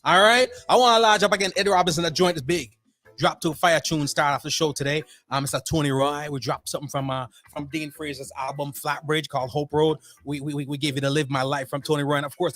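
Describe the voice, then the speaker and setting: A man hosting a radio show from home, giving lively slang-filled shout-outs and slipping into patois for fun, a little under the weather. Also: a little high. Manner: slips into Caribbean-style patois for fun. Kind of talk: energetic radio DJ chat. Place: at home, remote broadcast.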